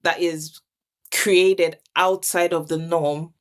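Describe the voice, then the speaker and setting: A woman's voice: fairly low pitch, flat delivery, slow. A woman hosting a reflective faith conversation, talking earnestly and searching for her words with many restarts. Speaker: host.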